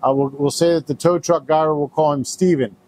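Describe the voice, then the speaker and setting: A man's voice: a little high, fairly even intonation, brisk, darkish tone. A man who runs a recycling business, talking casually to camera and telling a story, with plenty of fillers as he goes. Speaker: business owner. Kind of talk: direct-to-camera business talk.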